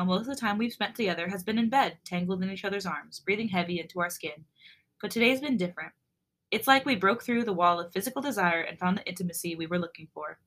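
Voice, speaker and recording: A woman podcast co-host reading a romance fanfic aloud with an expressive voice, and chatting in an animated, giggly way. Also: fairly low pitch.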